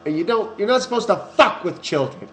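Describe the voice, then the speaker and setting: A blunt man talks in a loose, rambling monologue, swearing as he goes. His voice sits a little high for a man. The room is echoey, with a faint electrical hum underneath. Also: lively intonation, brisk, a bit bright. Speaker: podcast host. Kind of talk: casual monologue.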